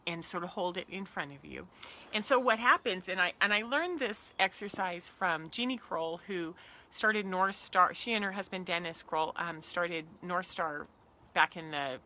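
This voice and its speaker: A woman's voice: lowish voice, sharp tone. A middle-aged woman, a parenting coach, giving earnest step-by-step advice in a talk.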